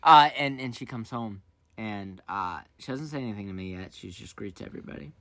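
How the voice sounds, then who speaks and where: A young man telling a childhood story on a casual talk show, animated and rambling, forever saying "I was like". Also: fairly low pitch, a little fast.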